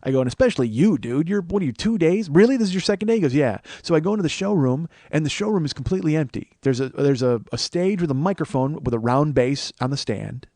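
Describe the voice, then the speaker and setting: A man's voice: fairly high pitch, fast, hardly any pauses, dry recording. Profane storytelling man, dry close sound. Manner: animated, swearing, acts out quoted people. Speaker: comedian and podcast host.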